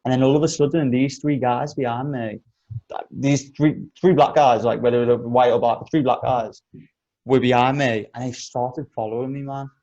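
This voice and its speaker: On a podcast he hosts, a young man tells a story in casual conversation, swearing constantly. He's an animated storyteller with a mid-range voice and moderate pace, though the audio sounds dull.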